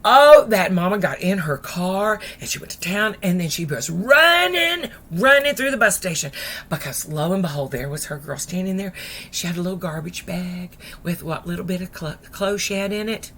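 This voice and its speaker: A woman preacher telling a parable in an animated, folksy style, dropping at times to near whispers. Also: on the low side, normal speed, slight background noise. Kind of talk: storytelling sermon.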